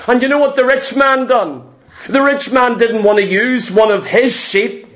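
A man preaching a sermon, retelling a Bible story slowly and dramatically and acting out the speakers' words. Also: very high-pitched, fairly bright tone. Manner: acts out biblical figures' speech.

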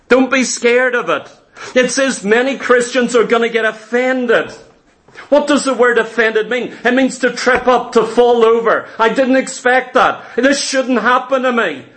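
Urgent high-voiced man preaching. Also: a bit bright. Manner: urgent, emphatic preaching with rhetorical questions. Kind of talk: sermon.

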